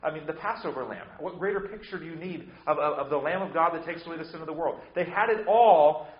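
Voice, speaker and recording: A male pastor preaching with force, swinging from hushed lines to loud ones and repeating words as he restarts. His voice carries a roomy echo, and the sound is slightly dull. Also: a little high, quick pace. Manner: emphatic preaching with sudden swings between loud and soft. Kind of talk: sermon.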